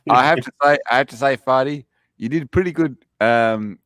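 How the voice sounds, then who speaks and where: A man's voice: mid-range voice, moderate pace, fairly bright tone, no echo, studio quality. A man in casual chat, an easily amused listener who chuckles along and swaps a story of his own.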